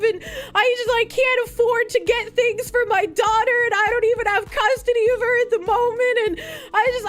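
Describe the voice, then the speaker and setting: A woman's voice: extremely high pitch, voice pushed up. A woman mocking a tearful, whiny young man. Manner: whiny, rushed, apologetic. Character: panicky self-pitying young man, tearful.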